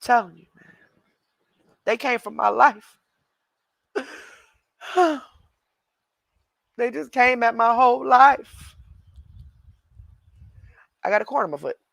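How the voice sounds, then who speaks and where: A man's voice: very high voice, slow pace, creaky, pauses often, a bit bright, no room sound. A man hosting a livestream, chatting casually with viewers and laughing often. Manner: chatty, laughing, responding to chat. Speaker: livestream host.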